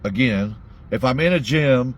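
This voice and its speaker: A man's voice: mid-range voice, expressive, measured pace, a little hiss or hum. A man ranting bluntly to his audience in a heated monologue, swearing constantly. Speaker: vlogger.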